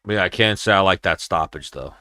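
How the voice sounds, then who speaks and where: Brash profane young man, bright voice. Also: low voice, fairly quick. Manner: profane, rambling storyteller who slips into impressions. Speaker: show host. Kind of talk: casual livestream chat.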